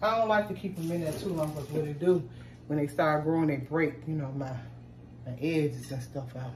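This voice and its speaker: A woman's voice: sits low, normal speed, darkish tone, echoey room. A woman casually chatting to her viewers as she cooks in her home kitchen. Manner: chatty, talks straight to viewers as "y'all". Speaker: cooking vlogger. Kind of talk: casual chat while cooking. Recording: distant mic with noisy kitchen background.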